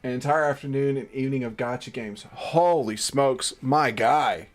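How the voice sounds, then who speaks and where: A man's voice: mid-range voice, normal speed, faint music behind. A man streaming a game, narrating it with jokes, frequent swearing and theatrical outbursts. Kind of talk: casual live-stream chat and game narration.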